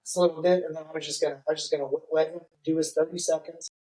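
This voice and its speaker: Laughing as he goes, a middle-aged podcast guest tells a casual story very fast, acting out people's quotes with animation. His voice is a little high, and the audio quality is poor.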